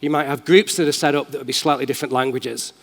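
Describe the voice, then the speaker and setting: Excitable Mancunian man on a conference stage. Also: medium pitch, quick pace. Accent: Manchester. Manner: enthusiastic, casual, excitable. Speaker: conference keynote speaker. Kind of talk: live tech demo talk. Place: large conference hall. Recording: long hall reverb.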